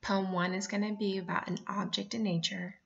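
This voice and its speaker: A woman teacher giving a remote lesson, explaining clearly and slowing down to spell out each point. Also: mid-range voice, flat delivery, a bit bright, lo-fi sound. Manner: clear and instructive, reads poems aloud, slows down to explain.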